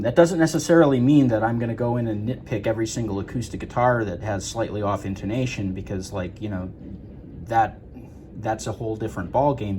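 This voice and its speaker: A man's voice: lowish voice, warm tone, slight background noise. A man working as a guitar repair tech, explaining a repair in a casual, rambling way with many fillers and restarts.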